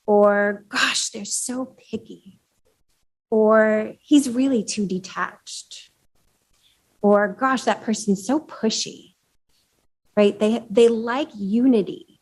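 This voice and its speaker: Woman presenting to a small meeting. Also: mid-range voice. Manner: conversational, with fillers and audience questions. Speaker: speaker at a chapter meeting. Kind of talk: live presentation to a small audience. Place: meeting room with a live audience.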